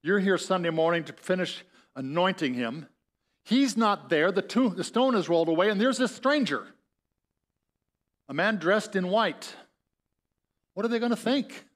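In a church sanctuary, a pastor with an Upper Midwest American accent preaches a sermon, telling the story conversationally and acting out the voices in it. His voice is high-pitched and a bit bright, with lively intonation at normal speed.

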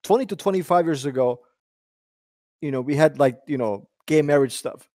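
A man's voice: a little high, moderate pace, darkish tone, no echo, studio quality. A man talking in a casual podcast discussion, defending his view in rambling sentences with restarts. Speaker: podcast guest.

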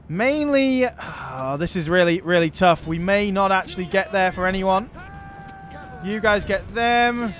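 A man's voice: high voice, fairly bright tone. A man giving let's play commentary on a strategy game, barking orders at his units and swearing when frustrated. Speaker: gaming channel host.

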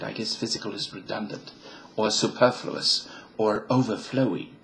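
Man, slow drawl, rambling webcam monologue, playful accent switching. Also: fairly low pitch, fairly even intonation, gravelly, low-quality recording. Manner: slow, musing, drifts between put-on accents. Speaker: vlogger. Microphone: webcam mic.

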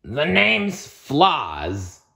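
A man's voice: a little high, huge pitch swings, drawn-out words, gravelly, pushed and bright, voice pushed up, heavily acted. Floz, a man voicing a stern monster office manager. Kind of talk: storybook read-aloud.

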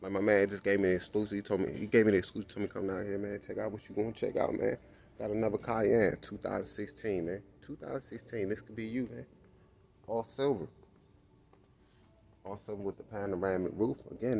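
A man with kids vlogging casually as he walks a car showroom floor, excited and slangy, tagging "man" onto nearly every line. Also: on the low side, fairly quick, gravelly, slight background noise. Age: adult with kids. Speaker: vlogger touring a car dealership. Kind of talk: casual walkaround vlog.

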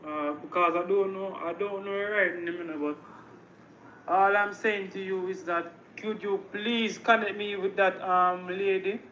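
High-voiced Jamaican man begging in a voice note. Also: fairly even intonation, unhurried, pushed and bright, reverberant, dull audio, a little hiss or hum. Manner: begging, repetitive. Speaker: caller. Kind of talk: voice message.

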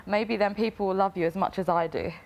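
A woman's voice: medium pitch, fast talker, vocal fry. A young woman, a reality show contestant, reading a family letter aloud in an emotional way. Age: young adult. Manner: emotional, breaking into laughter while reading.

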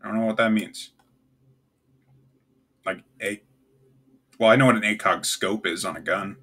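A man's voice: on the low side, fairly even intonation, normal speed, fairly bright tone. A young man hosting a casual solo video, ranking words with offhand, puzzled and wry asides. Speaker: tier list video host.

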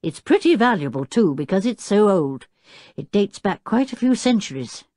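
A woman voicing an older male professor who explains things in a measured, scholarly way in an audiobook. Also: mid-range voice, sing-song, mellow, no echo, clean studio sound, pitched above the performer's own voice. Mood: explanatory.

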